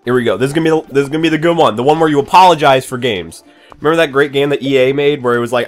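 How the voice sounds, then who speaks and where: Goofy man with an animated, jumpy voice. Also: medium pitch, fast talker, faint music behind. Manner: goofy, jokey, with sudden excited yelps. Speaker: gaming YouTuber. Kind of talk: comedic let's-play commentary.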